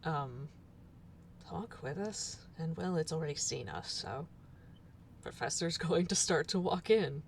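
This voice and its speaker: A woman's voice: sits low, lively intonation, a little slow, a little hiss or hum. Hesitant woman player, careful, voice goes up and down a lot. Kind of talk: casual tabletop game play.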